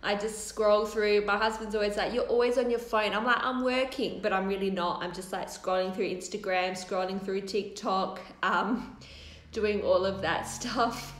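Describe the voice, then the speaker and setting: A woman's voice: medium pitch, fairly even intonation, normal speed, a bit bright. A woman in her thirties with an Australian accent, chatting and rambling on a live Q&A from her new office, swearing casually. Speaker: hair topper business owner hosting a live Q&A. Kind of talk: casual livestream chat. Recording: roomy office echo.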